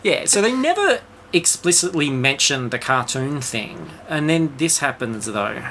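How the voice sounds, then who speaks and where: A podcast host with a bright, forceful voice, trading sarcastic jokes in a relaxed chat about a book. The delivery is animated, full of exaggerated asides, over a faint hiss of background noise. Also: mid-range voice, a little slow. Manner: sarcastic, joking.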